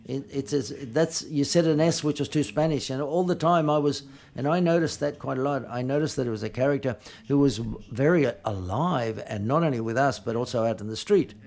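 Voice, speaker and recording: A man of middling pitch answers questions at a film press conference. His speech is halting, and he often breaks off mid-phrase to restart or correct himself. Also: gravelly, a little mellow.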